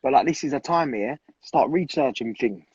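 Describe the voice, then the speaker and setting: A man's voice: mid-range voice, animated, normal speed, a little mellow, breathy edge, no room sound, lo-fi sound. A man in his twenties, talking bluntly in a casual chat, swearing a lot and repeating himself for emphasis. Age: 20s. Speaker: guest.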